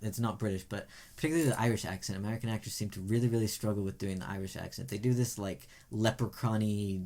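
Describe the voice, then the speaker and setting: A man's voice: on the low side, fast talker, darkish tone. A man co-hosting a podcast in casual chat, reviewing TV shows with emphatic, opinionated critique. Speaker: podcast co-host.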